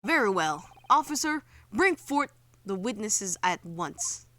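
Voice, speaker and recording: A woman's voice: mid-range voice, very animated, slow pace, pushed and bright, heavily acted. A woman voicing a stern male judge who gives formal courtroom orders.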